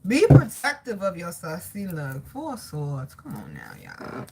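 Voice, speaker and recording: A woman giving a casual live tarot reading, slangy and swearing freely, greeting her chat by name and talking to God out loud between points. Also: on the low side, wildly swooping pitch, unhurried, very noisy. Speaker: tarot reader.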